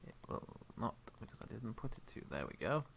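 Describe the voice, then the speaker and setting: A man narrating as game master for a tabletop game stream, rambling with many ums and quick apologies. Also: medium pitch, big pitch swings, vocal fry, a bit bright, a little hiss or hum. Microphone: headphones with a desk mic.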